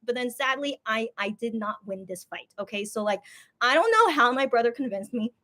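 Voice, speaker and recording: A young adult woman hosting a casual livestream, telling a story in an animated way, full of fillers and repeated words. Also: on the high side, moderate pace. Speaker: livestream host. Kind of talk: casual live-stream chat.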